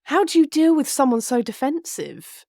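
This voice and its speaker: A woman's voice: high voice, very animated, normal speed, vocal fry, darkish tone, no room sound, studio quality. A woman hosting an interview, asking curious, probing questions. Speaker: podcast host.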